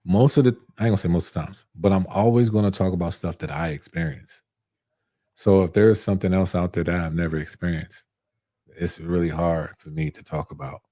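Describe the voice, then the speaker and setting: Speaking a little fast in a low, mellow voice, a young barber-tool reviewer hangs out on a live stream, answering viewer comments with relaxed, repetitive slang. The recording is dry and clean, studio-like.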